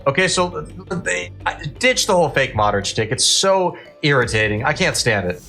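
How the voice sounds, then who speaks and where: A man's voice: on the high side, very animated, normal speed, pushed and bright, faint music behind. A man hosting a reaction commentary, speaking in a heated, indignant and blunt way. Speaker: commentary channel host.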